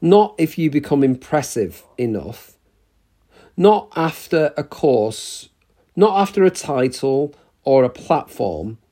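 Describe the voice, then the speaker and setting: A male preacher delivering a sermon with slow, deliberate pacing. His voice is mellow and dark, and he lifts and drops it a lot for emphasis, pausing between short phrases. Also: a little high, sing-song. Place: church.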